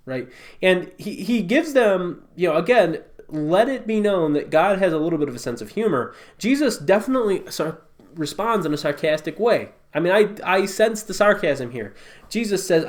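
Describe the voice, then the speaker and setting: A man's voice: on the high side, very animated, moderate pace. A man giving a casual, conversational Bible teaching, emphatic and full of rhetorical asides.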